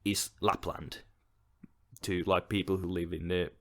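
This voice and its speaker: A Finnish-accented man co-hosts a relaxed podcast chat, his voice on the low side. He delivers his jokes deadpan, between easygoing remarks. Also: unhurried. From Finland. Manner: deadpan joking. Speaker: podcast co-host. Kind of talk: casual chat.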